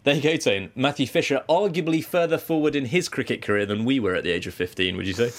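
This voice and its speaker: A man's voice: mid-range voice, quick pace. A man co-hosting a casual cricket podcast, reading news articles aloud in a chatty way. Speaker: podcast co-host.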